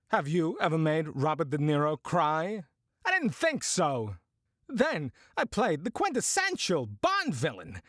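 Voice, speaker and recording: A man putting on a cocky, eccentric American screen legend who brags in strange halting bursts. His pitch leaps all over the place, and the recording is close and dry. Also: a bit bright, dry recording, exaggerated voice. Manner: boastful, swaggering, odd halting phrasing. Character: cocky eccentric male American film star.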